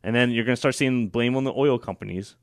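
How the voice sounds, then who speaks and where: A man's voice: medium pitch, fast, dry recording, clean studio sound. A man hosting a political talk show, opinionated and sarcastic, with frequent fillers and restarts. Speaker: radio show host.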